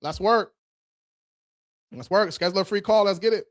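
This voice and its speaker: A man hosting a casual live-stream Q&A on credit, talking loose and slangy with frequent swearing and laughter, and hyping viewers up with quick rallying calls. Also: sits high. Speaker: credit repair host.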